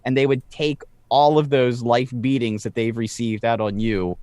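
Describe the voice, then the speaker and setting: A man's voice: medium pitch, level tone, moderate pace, a little mellow, no echo. Sardonic man ranting on a podcast. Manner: sardonic, rants with repeated phrases. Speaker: podcast co-host. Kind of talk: casual podcast banter.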